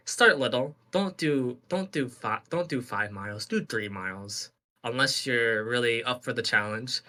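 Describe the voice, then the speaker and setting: A man's voice: medium pitch, pushed and bright. A man co-hosting a podcast, telling a story in casual chat with lots of fillers and laughs. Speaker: podcast co-host.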